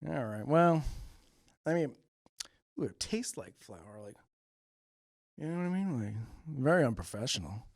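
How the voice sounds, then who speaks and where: A man's voice: medium pitch, very animated, unhurried, pauses often, a little mellow, dry recording. A man hosting a local cable comedy show in a TV studio, chatting in a rambling, filler-heavy way. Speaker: host. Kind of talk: comedy monologue.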